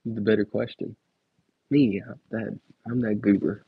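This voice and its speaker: A man's voice: fairly low pitch, steady tone, measured pace, breathy edge, dry recording. A young man on a casual livestream counting numbers aloud, laid-back and slangy, chatting to viewers between numbers. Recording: dull lo-fi dry stream audio.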